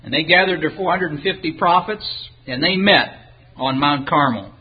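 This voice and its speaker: A man preaches a sermon, animatedly retelling a scripture story, reading the King James verses aloud and acting out the characters' lines. His fairly high voice has a breathy edge at normal speed, and the audio is narrow and tinny.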